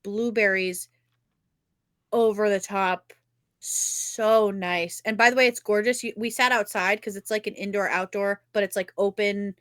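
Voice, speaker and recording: A young woman, co-hosting a podcast and telling a rambling, animated story in casual chat, swearing freely. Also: mid-range voice, unhurried, dry recording. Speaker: podcast co-host.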